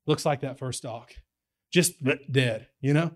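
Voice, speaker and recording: A young man preaches, his voice sitting a little high. He tells stories in an easygoing, folksy way and keeps pressing his points with rising excitement. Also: normal speed. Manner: folksy storytelling, builds to excited emphasis. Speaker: pastor. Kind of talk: sermon.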